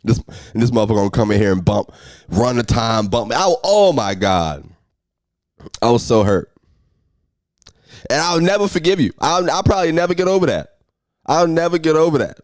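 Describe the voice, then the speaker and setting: A young man hosting a solo podcast, telling road stories in an animated, ranting way that jumps high and loud when he gets worked up. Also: moderate pace, long pauses, no room sound. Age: young adult. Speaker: podcast host.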